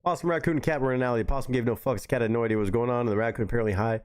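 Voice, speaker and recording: A man's voice: mid-range voice, steady tone, very fast, clear, resonant tone. A young man streaming live, reacting to clips and cracking crude, slangy jokes. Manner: crude, joking, slangy banter.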